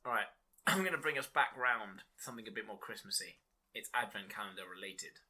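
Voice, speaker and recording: A man co-hosting a casual podcast, swearing often and laughing through animated banter. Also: lowish voice, a little fast, loud music behind the voice. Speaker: podcast co-host.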